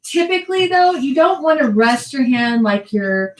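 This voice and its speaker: A woman's voice: fairly high pitch, animated, measured pace, echoey room, recorded from a distance, rough recording. A woman teaching a belly dance class, counting the moves aloud with chatty asides. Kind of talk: online dance class instruction.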